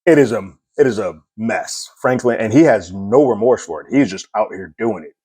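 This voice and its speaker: A man with a fairly low voice talks through a TV episode in a loose, animated recap, chuckling as he goes. The sound is dry and close, with no room echo. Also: breathy edge. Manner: animated, chuckles often, slips into quick impressions. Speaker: TV episode reviewer. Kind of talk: casual recap commentary.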